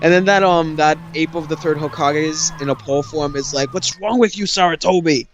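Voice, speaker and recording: A young man in casual gaming chat, excitedly retelling an anime scene with swearing and lots of fillers. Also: on the high side, slight background noise. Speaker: let's play host.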